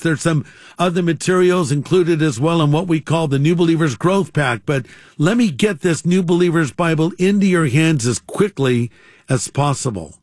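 A man's voice: on the high side, no room sound. Pastor guy on christian radio, earnest, plain talk, dry close mic. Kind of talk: radio sermon, leading a prayer.

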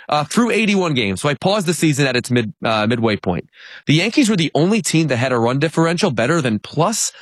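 A man's voice: a little high, husky, no room sound. A man reading baseball numbers in a conversational sports talk, often laughing while he talks. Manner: laughs through stats, animated. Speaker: baseball analyst.

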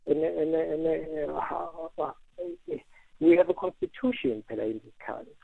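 Hesitant caller on a tinny phone line. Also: male voice, a little high, measured pace, gravelly, no echo. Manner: hesitant, many restarts, earnest. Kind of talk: phone-in call.

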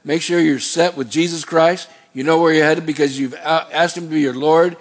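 A man with a somewhat high-pitched voice delivers a sermon as pastor. He reads scripture deliberately, then wanders into folksy, rambling asides about everyday life. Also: steady tone. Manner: folksy, digressive preaching with slow scripture reading.

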